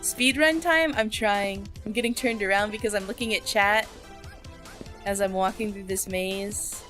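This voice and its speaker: A young woman with a mid-range, slightly bright voice streams a horror game, speaking a little slowly as she chats playfully with her viewers. She hums and sings along to the faint game music in the background and every so often breaks into squeals.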